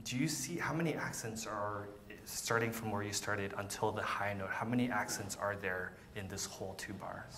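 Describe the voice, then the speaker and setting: A man with a lowish, sharp-toned voice coaches a violin masterclass at normal speed with few pauses. He's encouraging and patient, often repeating words and counting beats out loud. Slight background noise can be heard.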